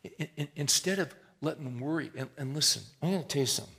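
A man preaching a sermon in a folksy, conversational way, rising to emphatic swells and dropping to hushed prayer. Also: on the high side, fast talker, creaky. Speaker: pastor.

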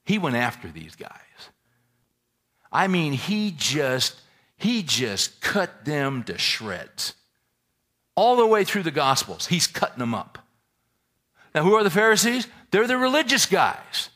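Lively, bright-voiced male preacher. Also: a little high, slow. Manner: lively preaching, rhetorical questions, folksy asides. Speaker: pastor. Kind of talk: sermon.

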